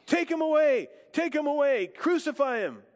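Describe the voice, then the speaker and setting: A man reading scripture aloud and voicing an angry crowd of priests and officials with loud, high shouted demands. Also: lively intonation, normal speed, in a large hall.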